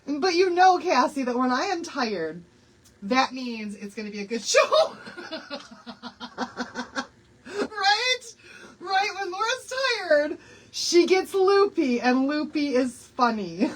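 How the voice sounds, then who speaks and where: A woman's voice: high voice, very animated, unhurried, poor audio. A woman in her sixties hosting a live craft stream, chatty and bubbly, laughing often and greeting viewers by name. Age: 60s. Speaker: craft livestream host.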